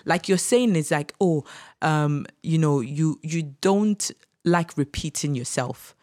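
A woman's voice: low voice, takes it slowly, darkish tone, dry recording, studio quality. A woman, talking through parenting in an earnest, emphatic way, often repeating her points. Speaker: parenting guest. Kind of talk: casual podcast discussion.

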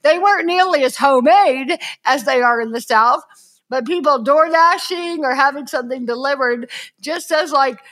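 Bright high-voiced woman, earnest. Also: moderate pace. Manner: earnest, emphatic, acts out quoted speech. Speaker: podcast host. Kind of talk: casual conversation.

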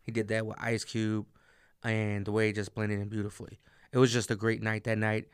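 A man's voice: lowish voice, level tone, a little fast, clear, resonant tone, dry recording. A young man from the Chicago area, a guest rapper chatting over beers in a studio, telling rambling stories with lots of slang. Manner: laid-back, rambling storyteller, slangy. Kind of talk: casual chat over beers. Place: small studio.

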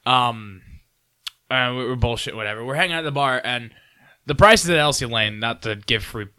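A man telling a story to friends in casual chat, animated and swearing freely, raising his voice as he acts out drunk strangers. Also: medium pitch, normal speed, smooth.

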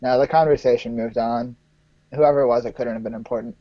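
A man from the United States co-hosting a podcast, teasing his partner and quick to laugh in casual chat. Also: mid-range voice, steady tone, lo-fi sound. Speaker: podcast co-host.

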